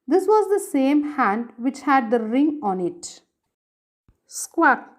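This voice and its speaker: A woman's voice: high voice, very animated, darkish tone. A woman teacher with an Indian English accent, reading a story aloud to a class and explaining hard words, saying each word and its meaning twice so the children can write them down. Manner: slow, repeats each word and meaning for dictation.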